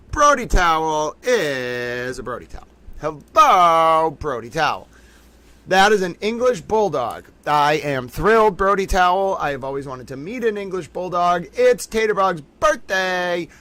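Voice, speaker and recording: A man's voice: on the high side, pushed and bright. A man hosting a casual live stream, playful and gushing, repeating himself as he talks to chat. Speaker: livestream host.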